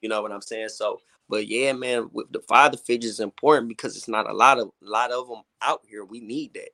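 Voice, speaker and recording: A man's voice: mid-range voice, steady tone, fairly quick, sharp tone, no room sound. A man who is a guest on an interview, speaking candidly and often saying "you know what I'm saying". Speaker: gospel hip hop artist guest. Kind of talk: casual interview chat.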